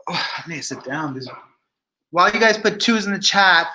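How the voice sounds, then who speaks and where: Sassy, bright-voiced man vlogging. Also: high voice, lively intonation, moderate pace, a little hiss or hum. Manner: sassy, chatty, talks to live chat. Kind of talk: casual gossip commentary.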